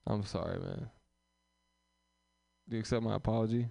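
Gravelly low-voiced man hosting an open mic. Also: fairly even intonation, moderate pace, mellow, no echo. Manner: profane, rambling and teasing with the audience. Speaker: comedy open mic host. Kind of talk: live crowd work banter. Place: small sparsely attended live comedy room.

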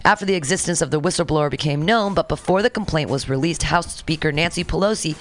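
A woman's voice: low-pitched, fast. A woman hosting a radio show, chatting sarcastically about politics and reading news items aloud, with faint music behind. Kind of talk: casual political banter.

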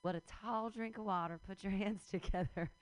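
A woman's voice: medium pitch, fairly even intonation, normal speed, no room sound, poor audio. A woman emceeing a comedy show, teasing and bubbly as she introduces the next comic.

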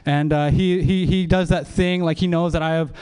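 A man's voice: a little high, steady tone, normal speed, darkish tone, smooth. A man in his thirties doing a rambling, self-deprecating stand-up set and hosting a show at a small comedy venue.

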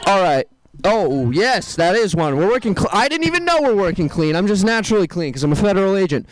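A man doing a stand-up comedy set, telling dark jokes deadpan and tossing asides to the crowd. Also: high-pitched, fast talker, low-quality recording.

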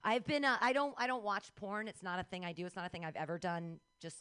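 A middle-aged woman on stage at a comedy club with a bright, forceful voice. She talks plainly and bluntly, like she is chatting with the crowd. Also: mid-range voice, fairly even intonation, fast, smooth. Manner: blunt, conversational delivery. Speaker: stand-up comedian. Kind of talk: stand-up comedy set.

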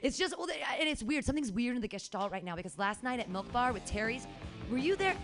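A woman hosts a comedy show in a small bar venue. She speaks to the audience casually and quickly, rambling and talking over herself. Her voice sits slightly high. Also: sing-song, over loud music. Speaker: show host. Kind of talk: casual address to a live audience.

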